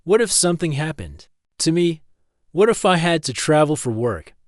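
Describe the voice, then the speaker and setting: A man voicing a gentle, careful young man in a storybook reading, in his own plain voice. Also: on the high side, very animated, moderate pace, no echo, clean studio sound.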